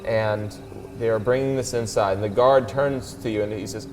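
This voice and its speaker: A man's voice: lowish voice, fairly even intonation, moderate pace. A man narrating as game master of a tabletop game, describing scenes with fillers. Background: background music.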